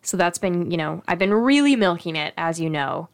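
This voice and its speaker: Bubbly young woman co-host, lowish voice. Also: animated, normal speed. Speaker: podcast co-host. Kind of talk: casual chat.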